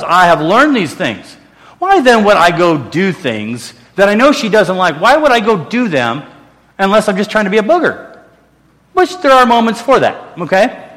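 A man's voice: high-pitched, fairly bright tone. A middle-aged male pastor preaching a sermon in a church, earnest and conversational, with restarts and self-deprecating asides. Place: church sanctuary. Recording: long reverb of a large hall.

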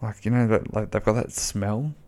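A man's voice: lowish voice, steady tone, normal speed, darkish tone. A man, chatting casually and bluntly on his own podcast, rambling and swearing freely. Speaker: podcast host. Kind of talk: casual solo podcast chat.

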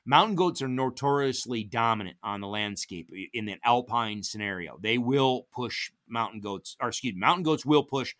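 Animated storytelling man, bright voice. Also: normal speed, few pauses. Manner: animated, acts out quoted dialogue with big pitch jumps. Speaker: podcast guest telling hunting stories. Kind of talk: casual storytelling.

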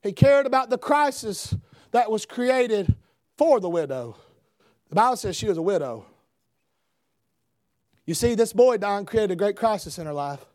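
Preacher, male, very high voice, dry close sound, shouts then hushes. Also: animated, moderate pace, pauses often, no room sound. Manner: builds to shouting emphasis, swings between loud and hushed. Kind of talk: revival sermon.

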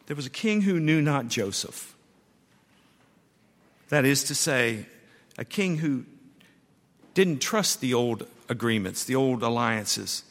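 A man's voice: mid-range voice, takes it slowly, long pauses. Male pastor reading in a reverberant church. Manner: expressive reading with wry humor. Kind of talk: sermon with scripture reading. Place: church sanctuary. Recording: long church hall reverb.

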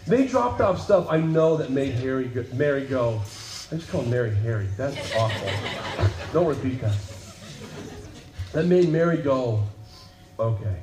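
A man preaching a sermon to a congregation, telling the story with jokes and acted-out voices before turning low and solemn. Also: echoey room, poor audio. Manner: animated, joking storytelling that drops to a low, solemn tone. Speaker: pastor. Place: church sanctuary.

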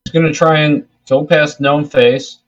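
A man's voice: on the high side, fairly even intonation, a little slow, highs cut off. An easygoing man playing a tabletop game who often laughs as he talks. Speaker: player.

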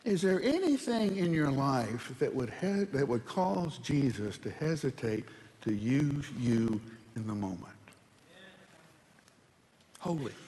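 A man's voice: medium pitch, very animated, takes it slowly, long pauses, mellow, big-room sound. A male pastor preaching a sermon, telling humorous stories and asking the congregation rhetorical questions.

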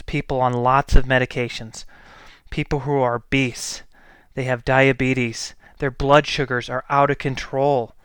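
A man's voice: medium pitch, a bit bright, clear, resonant tone, no room sound, studio quality. A healthcare provider, a man, speaking in a blunt, exasperated and emphatic monologue. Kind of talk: opinion monologue.

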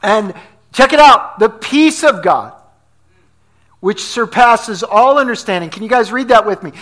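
A man's voice: high-pitched, expressive, a little slow, a bit bright. A man preaching a sermon as pastor, talking conversationally, asking the congregation questions and telling stories with energy.

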